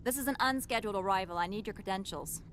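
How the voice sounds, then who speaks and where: A woman's voice: mid-range voice, quick pace, a bit bright, slight background noise, close to an everyday voice. An actress playing a stern, officious female security captain in a video game, with a clipped official delivery. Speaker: game character.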